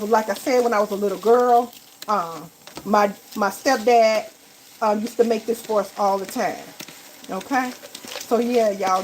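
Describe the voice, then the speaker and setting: A woman's voice: a little high, a little hiss or hum, low-quality recording. A woman hosting a casual live cooking stream in her home kitchen, chatting to viewers as y'all and tagging okay onto her lines. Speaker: cooking livestream host.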